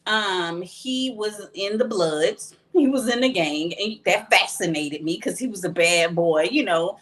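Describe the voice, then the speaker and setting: A woman's voice: medium pitch, unhurried. A woman from Texas speaks as a guest on a podcast, telling her own story. Her delivery is candid and plain-spoken, and she slips into the voices of the people in the story as she goes. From Texas, USA.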